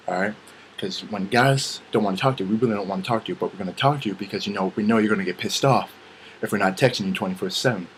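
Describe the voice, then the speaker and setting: Fast-talking young man ranting. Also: lowish voice, slight background noise, poor audio. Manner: profane, animated, acts out quoted dialogue. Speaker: vlogger. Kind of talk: casual comedic rant.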